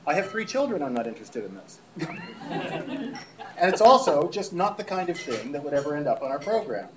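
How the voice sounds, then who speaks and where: A man's voice: on the high side, big pitch swings, moderate pace, background noise. A man hosting a radio show, sarcastically reading out press releases to a live audience and mocking them. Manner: sarcastic, mocking, breaks into laughter. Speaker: radio host. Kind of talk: comedic live show talk, reading emails aloud.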